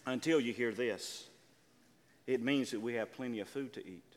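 An older man preaching a sermon as pastor, calling out to his congregation and drawing out key words slowly. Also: mid-range voice, big-room sound. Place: church sanctuary.

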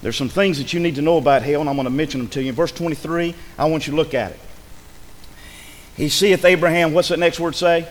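A man's voice: a little high, fairly quick, in a large hall, rough recording. A male pastor preaching a sermon, repeating phrases for emphasis and building to urgent peaks. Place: church.

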